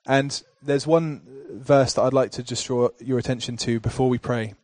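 A male pastor delivering a sermon in a rhythmic, repetitive cadence that builds to forceful declarations. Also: medium pitch, steady tone, normal speed, no echo.

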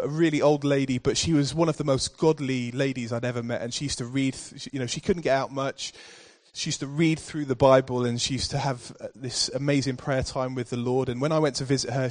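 A man's voice: medium pitch, fairly even intonation, brisk, few pauses. A man preaching a sermon in church, telling a personal story before building to emphatic scripture readings.

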